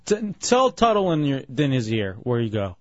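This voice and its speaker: A man hosting a radio show, chatting casually and joking around, quick to rattle off phone numbers. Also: medium pitch, huge pitch swings, no echo. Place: radio studio. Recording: slightly muffled broadcast audio.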